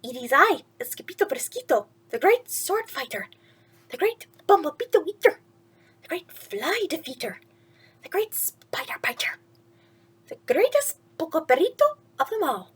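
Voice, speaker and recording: A woman's voice: very high voice, very animated, moderate pace, voice pushed up. Woman doing a boastful singsong kitten boy. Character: excitable boy chihuahua-cat, boastful, singsong.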